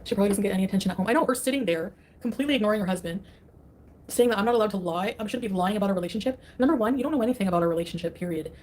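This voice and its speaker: A woman's voice: medium pitch, racing, darkish tone. A woman chatting casually on a livestream, dismissive and scoffing as she talks.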